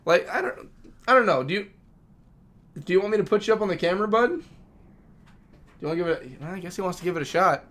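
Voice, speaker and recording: A man's voice: high-pitched, lively intonation, fast, long pauses, fairly bright tone. A man streaming a game live, chatting casually and talking affectionately to his dogs. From Minnesota.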